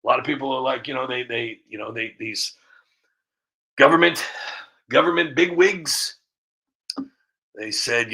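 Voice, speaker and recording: A man's voice: medium pitch, a little slow, creaky, long pauses, bright, forceful tone, low-quality recording. A man giving opinionated commentary to camera, rambling and repeating himself with frequent restarts. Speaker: video creator.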